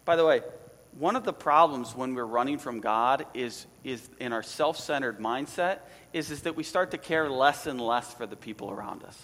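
A man preaching a sermon as pastor, animated and conversational, with asides to his listeners. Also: mid-range voice, moderate pace, long reverb tail.

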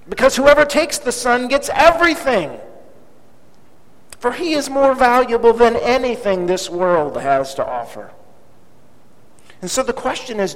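Male preacher, high and animated, storytelling sermon, reverberant hall recording. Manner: dramatic, emphatic repetition.

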